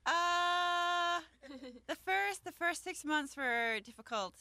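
A woman from Australia with an Australian accent, a bass player guest answering in a friendly, straightforward way. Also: takes it slowly, pushed and bright, no room sound. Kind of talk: interview answers.

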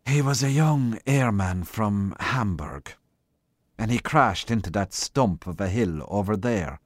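A man voicing a heavy, irritable Irish police sergeant who speaks in a flat, curt way. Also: fairly low pitch, measured pace, no room sound, clean studio sound. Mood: weary.

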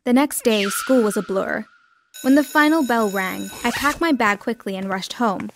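A woman narrating a dramatic first-person story with expressive delivery. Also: a little high, normal speed, slight background noise.

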